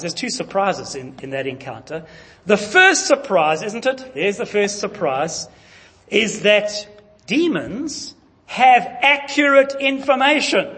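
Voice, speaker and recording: High, lively male preacher. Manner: emphatic, questioning the congregation. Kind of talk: sermon. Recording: long reverb of a large hall.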